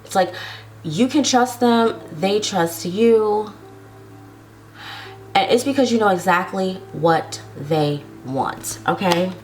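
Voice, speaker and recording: A woman reads tarot cards about love for her viewers in a casual, chatty way, her mid-range voice a little mellow. She lingers on her words and often adds "okay?"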